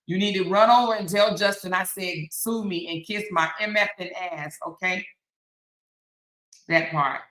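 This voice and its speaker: Woman, lowish voice, sassy commentary, laughing, roomy echo. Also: normal speed, fairly bright tone. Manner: sassy, mocking, laughs often. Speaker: host. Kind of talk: casual commentary reading viewer comments.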